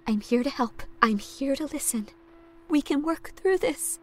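A man voicing a frightened woman teacher who coaxes and pleads, trying to keep her voice steady. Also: extremely high pitch, a little slow, pitched above the performer's own voice. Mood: pleading.

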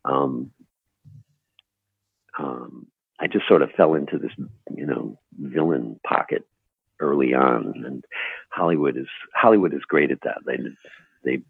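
A man with a very deep, gravelly and somewhat husky voice tells stories in an interview and laughs at himself. His pitch rises and falls a lot as he talks. The audio is dry and a bit dull, like a lo-fi remote recording. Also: dry recording. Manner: laughing, storytelling, self-deprecating. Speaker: actor guest. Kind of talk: anecdotal interview chat.

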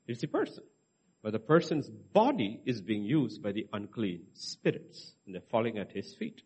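A man's voice: medium pitch, sing-song, moderate pace, darkish tone, breathy edge. A male pastor preaching a sermon, emphatic and checking in with "okay" as he teaches scripture. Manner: emphatic, rising to stress points, frequent "okay" checks.

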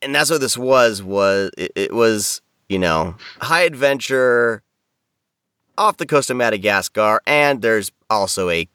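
A man's voice: lowish voice, lively intonation, a little slow, sharp tone, clear, resonant tone, dry recording, clean studio sound. A man talking casually as a podcast guest, rambling with many restarts and fillers over a video call. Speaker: audiobook narrator, podcast guest.

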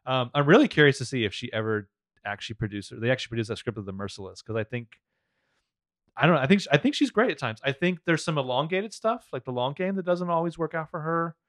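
An American man co-hosting a podcast, chatting casually, swearing often and narrating scenes with quick laughs. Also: medium pitch, animated, a bit bright, dry recording, clean studio sound. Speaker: podcast co-host. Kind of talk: casual recap chat.

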